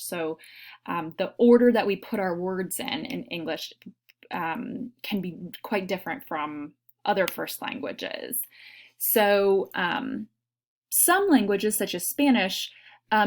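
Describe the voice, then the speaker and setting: Woman lecturing with frequent ums. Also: medium pitch. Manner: explanatory, many ums, demonstrates learner errors. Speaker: teacher trainer. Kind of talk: recorded lecture.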